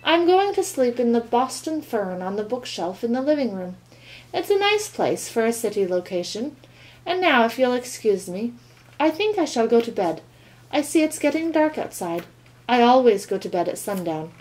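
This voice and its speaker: A woman voicing a gentle, polite little hen bird in a read-aloud storybook, speaking softly and musically. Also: a little high, sing-song, normal speed, poor audio. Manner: soft and musical.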